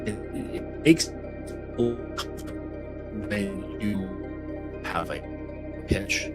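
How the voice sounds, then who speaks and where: A lowish male voice delivering a coaching talk in a slow, measured way, blunt and peppered with casual swearing. Soft new-age music plays clearly in the background. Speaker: men's coach.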